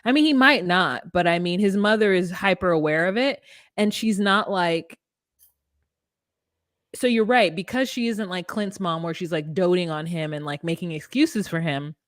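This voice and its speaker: A woman's voice: on the low side, no echo, studio quality. A woman co-hosting a podcast, recapping a reality show in casual chat and acting out the people she quotes. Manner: fast, acts out quotes with put-on voices. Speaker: podcast co-host.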